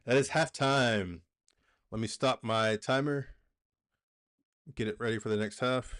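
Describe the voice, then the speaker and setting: A man hosting a live football watch-along, calling the play with excitable bursts and chatting casually to his viewers. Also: medium pitch, a little slow.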